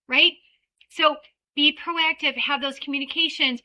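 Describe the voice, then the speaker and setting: A woman giving an energetic training talk for child care owners, peppering her points with "right?" and acting out little scenes. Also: high voice, moderate pace, rough recording. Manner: animated, acts out little scenes with children and parents.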